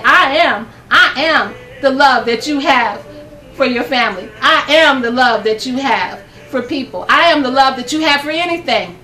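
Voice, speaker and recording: A woman's voice: high-pitched, bright, forceful tone, roomy sound, distant mic. An older woman hosting a gospel program from her home, giving a fervent, preachy devotional talk to camera and laughing often.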